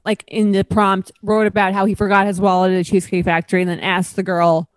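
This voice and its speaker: A woman's voice: mid-range voice, flat delivery, quick pace, no room sound. A woman with new braces gives her speech a slight lisp as she chats on a podcast, loose and full of fillers. Her voice sits in a middle range and sounds dry and close, with no room around it. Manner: chatty, frequent fillers. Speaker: podcast co-host. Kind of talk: casual chat. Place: her apartment, recorded over a video call.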